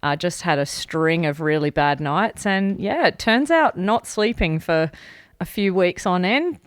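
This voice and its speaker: Smooth-voiced woman, candid chat. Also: fairly low pitch, expressive, a little slow, no echo. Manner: candid, laughs often. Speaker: podcast co-host. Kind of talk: casual chat.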